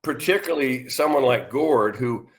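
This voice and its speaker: A man's voice: mid-range voice, animated, moderate pace, crowd noise. A man in his sixties, a retired musician and interview guest, telling stories in a rambling way with many restarts. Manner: rambling, many restarts, acts out quoted voices. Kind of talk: casual interview storytelling.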